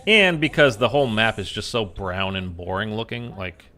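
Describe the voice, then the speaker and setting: A man's voice: fairly low pitch, animated, moderate pace, pushed and bright. A man giving casual, rambling commentary while playing a video game, full of fillers. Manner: rambling, filler-heavy, chatty. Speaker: gaming YouTuber.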